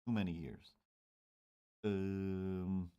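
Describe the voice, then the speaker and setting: Deep-voiced man rambling while he draws. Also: fairly even intonation, drawn-out words, warm tone, clean tone, lo-fi sound. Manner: rambling, thinking aloud, many fillers. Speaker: cartoonist drawing on stream. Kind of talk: casual running commentary while drawing.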